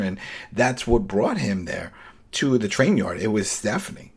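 Animated man recapping a TV episode. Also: on the low side, unhurried, slightly rough. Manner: animated, acts out quotes in big voices. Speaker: podcast host. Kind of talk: casual TV recap chat.

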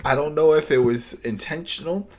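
Husky-voiced man in animated chat. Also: on the high side, normal speed. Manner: animated storytelling, laughing and acting out characters. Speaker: podcast co-host recapping a TV episode. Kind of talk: casual chat.

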